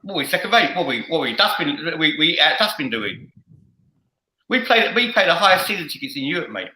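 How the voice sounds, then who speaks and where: A man's voice: on the high side, big pitch swings, a little fast, sharp tone, reverberant, full character voice, poor audio. A man acting out an indignant male football fan on a rant. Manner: indignant, ranting.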